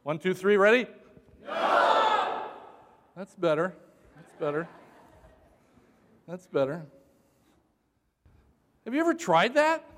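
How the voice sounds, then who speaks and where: Male pastor mid-sermon: high-pitched, playful, bursts into shouts, with a long echo in the church hall. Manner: shouts for emphasis, jokes with congregation.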